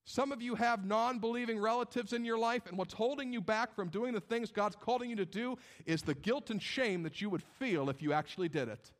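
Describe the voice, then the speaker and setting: A man preaching from the pulpit with a high, bright-sounding voice. He moves between quiet, intimate lines and lifted, emphatic questions, slipping into mocking voices of skeptics. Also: a little fast, hardly any pauses. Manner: dynamic preaching, acts out doubters' voices. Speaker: pastor. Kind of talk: sermon.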